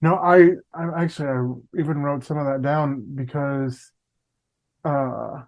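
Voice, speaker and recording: A man's voice: on the high side, steady tone, a little slow, a little mellow, muffled recording. A man co-hosting a Christian podcast, speaking casually and reflectively with frequent restarts. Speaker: podcast co-host. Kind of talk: faith podcast conversation.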